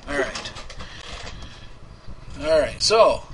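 A man's voice: on the high side, big pitch swings, very slow, a little hiss or hum, low-quality recording. A man hosting a homemade prank call show, chatting casually, rambling and laughing as he reads out his ads. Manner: rambling, laughs often, trails off into mumbling. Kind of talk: casual live show chat.

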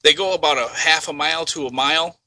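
Bright-voiced, playful male host. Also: on the high side, steady tone, quick pace, no room sound, poor audio. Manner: upbeat and playful, goads the caller. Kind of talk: prank call comedy.

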